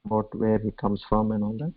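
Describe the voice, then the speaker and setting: A man with an Indian English accent giving a scripture discourse, telling a story unhurriedly with frequent pauses. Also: lowish voice, completely flat delivery. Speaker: spiritual discourse speaker. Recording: tinny phone-like line, dry.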